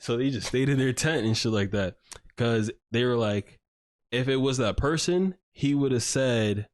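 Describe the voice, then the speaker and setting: A man's voice: mid-range voice, normal speed, no echo, clean studio sound. A man hosting a podcast, recounting a story in a rambling, casual way with lots of filler words and swearing. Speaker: podcast host. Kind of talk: casual chat.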